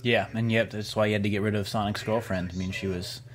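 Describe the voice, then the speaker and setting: Low-voiced man asking meandering questions. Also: little pitch movement, quick pace. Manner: long, meandering questions with fillers. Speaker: book club host, interviewer. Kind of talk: casual interview questions.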